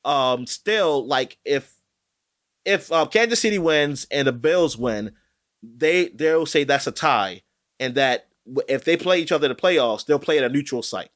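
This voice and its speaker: Male podcast co-host, animated and rambling, slightly high, very lively delivery. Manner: rambling, animated, many fillers and restarts. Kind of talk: casual chat about sports.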